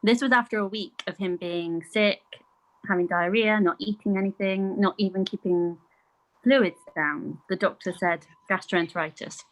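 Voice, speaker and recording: A woman's voice: mid-range voice, steady tone, normal speed, low-quality recording. Chatty woman telling stories. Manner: chatty, storytelling with acted-out quotes and laughs. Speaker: podcast guest. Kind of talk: casual conversation.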